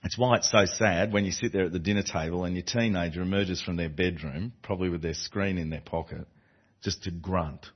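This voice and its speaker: A man's voice: low-pitched, steady tone, a little fast, breathy edge. A man preaching a sermon to a congregation, earnest and emphatic, often repeating and restarting phrases. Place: church before a congregation. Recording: dull lo-fi recording.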